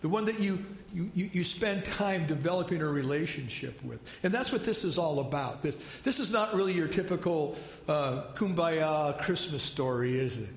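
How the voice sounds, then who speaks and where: A man's voice: fairly high pitch, lively intonation, moderate pace, vocal fry, reverberant. A man preaching a sermon as a pastor, opening with a prayer and moving into a conversational story.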